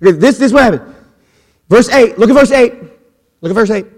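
This sermon comes from a high-voiced male pastor whose lively, joking style fills a church sanctuary with long hall echo. Animated and quick to restart, he keeps slipping in jokes on the side.

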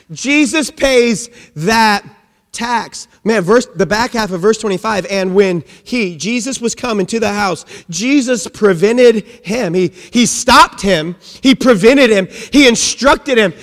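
A man's voice: high-pitched, animated, slow pace, fairly bright tone. A man preaching a sermon, emphatic, full of rhetorical questions and lines that open with "man". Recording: long reverb of a large hall.

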